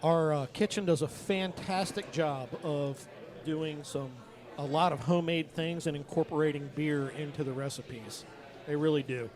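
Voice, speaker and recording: A man's voice: fairly high pitch, moderate pace. A man who brews the beer, talking casually about prices and telling the story behind a beer's name. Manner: relaxed storytelling. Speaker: brewer. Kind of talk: casual tasting chat.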